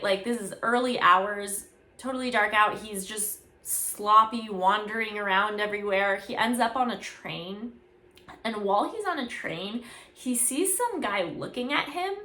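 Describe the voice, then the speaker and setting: A woman's voice: mid-range voice, bright, forceful tone. A woman in a casual, chatty book recap, filling her talk with "like". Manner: chatty, many "like"s. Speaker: book reviewer. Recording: echoey room.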